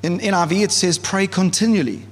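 A man preaches to his church in an easy, chatty way, often stopping to restart a thought. His voice is fairly high and a little husky. It rings out through a hall with a long reverb. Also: a little fast. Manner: casual, conversational preaching with many fillers. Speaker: pastor. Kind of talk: sermon.

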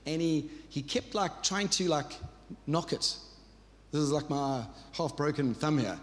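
A pastor in his thirties preaches in a warm, conversational way, doubling back on words as he builds each point. His voice sits a touch high for a man. It carries a long reverb, as if from a church hall. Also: measured pace. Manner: earnest, conversational preaching with repetitions and asides. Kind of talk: sermon.

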